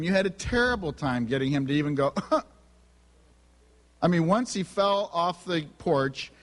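A middle-aged man giving a sermon full of humorous personal stories about his family, acting out their dialogue. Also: a little high. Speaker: speaker on family and spiritual gifts. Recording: long reverb of a large hall.

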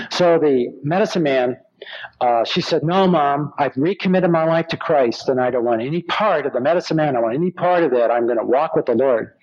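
A man preaching, telling stories and acting out the voices of the people in them. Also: mid-range voice. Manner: animated storyteller, acts out quoted voices. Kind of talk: sermon storytelling. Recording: slightly dull lo-fi recording.

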